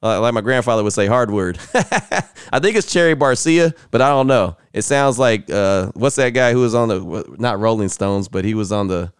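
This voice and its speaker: Guy doing a sports podcast, chill and chatty, smooth clean voice, dry close mic. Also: lowish voice, brisk, few pauses, no room sound. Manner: casual, chatty, laughs at himself. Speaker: podcast host. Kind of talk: sports podcast talk with ad reads.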